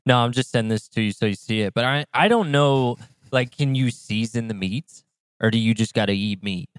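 A young man speaks in a smooth, clear voice, tossing off short, easygoing replies in casual podcast chat. The sound is close and dry. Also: medium pitch, brisk, no room sound. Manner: laid-back, short replies, swears casually. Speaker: podcast co-host.

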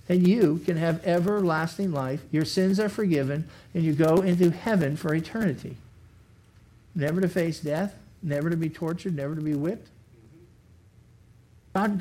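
A man, a pastor, preaching a sermon in a lively, conversational way, acting out imagined speakers. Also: sits high. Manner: animated, acts out imagined speakers. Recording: faulty recording.

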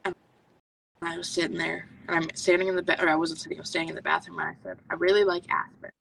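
A woman's voice: fairly low pitch, level tone, rapid-fire, vocal fry, fairly bright tone, a little hiss or hum. A woman guest telling her personal story in an earnest, intense way, often voicing her own thoughts. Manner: earnest, intense, full of self-talk. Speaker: podcast guest, medical intuitive. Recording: voice from a distance to the mic.

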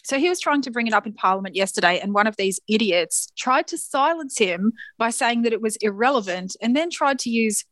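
A woman's voice: a little high, animated, a little fast, hardly any pauses, fairly bright tone, no room sound. A woman, co-hosting a podcast in casual chat with an indignant, outspoken manner. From Australia. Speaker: podcast co-host.

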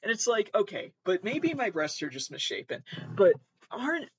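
A man hosting a podcast, ranting in a profane, self-deprecating way, with sudden loud outbursts and mumbled asides. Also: high-pitched, very animated, moderate pace, breathy edge, dry recording, muffled recording. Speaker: podcast host. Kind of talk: comedic rant.

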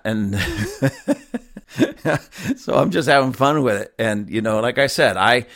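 A man's voice: mid-range voice, a bit bright. A male pastor delivering a fiery, emphatic sermon, mocking and chuckling as he goes.

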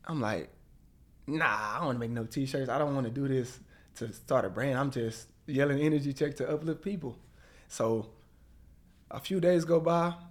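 A man telling a lively story as a guest in an interview, acting out the voices of people he quotes. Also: medium pitch.

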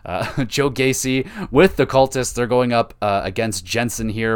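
Young male podcast host, smooth voice, casual profane rambler who spikes into excitement. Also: lowish voice, measured pace, hardly any pauses. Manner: rambling, profane, self-mocking, swings from mumbled asides to excited calls. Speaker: podcast host recapping wrestling. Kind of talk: casual solo recap commentary.

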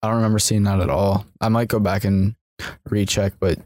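A man's voice: lowish voice, steady tone, fairly quick, darkish tone, no room sound, clean studio sound. A man on a podcast over a video call, rambling with many fillers and swear words. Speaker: podcast guest. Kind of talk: casual chat.

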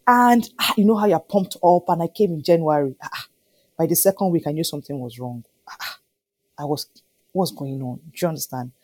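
Animated woman telling her story. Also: low voice, a little fast. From Nigeria. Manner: animated storyteller, often asking "do you understand?". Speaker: interview guest. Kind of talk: conversational interview.

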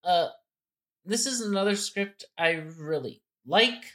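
A man's voice: high-pitched, slow pace, pushed and bright. A man co-hosting a podcast, talking through board game strategy in a casual, explanatory way with many fillers and restarts. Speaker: podcast co-host.

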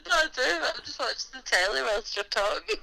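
A woman's voice: high voice, animated, a little fast, creaky, bright, forceful tone. A woman chatting on the phone from home while watching television, giving short, offhand replies. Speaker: friend on the phone. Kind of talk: casual phone chat.

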